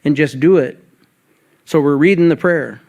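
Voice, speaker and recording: A man's voice: on the high side, normal speed, darkish tone, lo-fi sound. A man giving a guest talk at a recovery meeting, telling his story in a conversational way and acting out remembered dialogue. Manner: conversational, acts out both sides of remembered dialogue.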